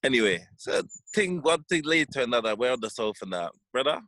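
A man's voice: medium pitch, brisk, no echo. Guy telling a wild story, voice all over the place, dry sound. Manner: animated storyteller, voice jumps up when laughing. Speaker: podcast co-host. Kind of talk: casual banter.

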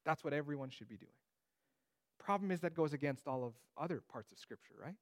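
Bible teacher, male, slightly higher pitch, casual delivery with quips. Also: expressive, fairly quick. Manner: conversational, with joking asides.

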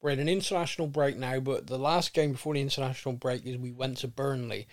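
A man's voice: mid-range voice, steady tone, quick pace. A man co-hosting a football podcast, bantering and teasing in casual chat. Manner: jokey, teasing, sarcastic banter. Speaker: podcast co-host.

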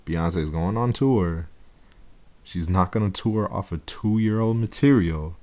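A man's voice: low-pitched, takes it slowly, dark tone. A man hosting a casual podcast, laid-back and teasing, laughing at his co-host. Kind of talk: casual chat.

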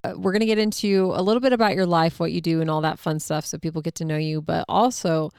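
A woman hosting a podcast, reading an ad and chatting casually, bubbly and quick to laugh. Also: on the low side, steady tone, darkish tone, clean tone, dry recording, clean studio sound. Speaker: host. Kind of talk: casual chat.

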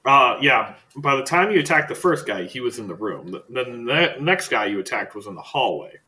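A man narrating a tabletop role-playing game as game master, casual and halting, with many fillers. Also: medium pitch, big pitch swings, pushed and bright, low-quality recording.

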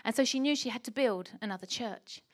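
A middle-aged woman preaching a sermon in an emphatic, animated way, asking the church rhetorical questions. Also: on the high side, a little fast.

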